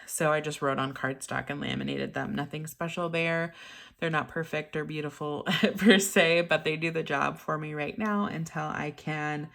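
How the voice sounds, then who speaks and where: A young woman chatting casually to camera at her home desk, laughing often and filling pauses with ums. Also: low-pitched, steady tone, gravelly, a bit bright. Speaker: budgeting vlogger. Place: home desk in craft room.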